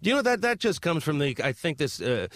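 A man in casual podcast chat who talks haltingly, restarting sentences and searching for words. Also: a little high, very animated, a bit bright, no room sound, studio quality. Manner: halting, full of restarts and fillers. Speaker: podcast co-host.

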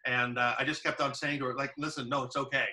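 A man's voice: medium pitch, little pitch movement, fast, pushed and bright, far from the mic, low-quality recording. A man chatting casually, telling a long anecdote with many fillers and restarts. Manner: rambling storyteller, many fillers. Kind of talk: casual chat.

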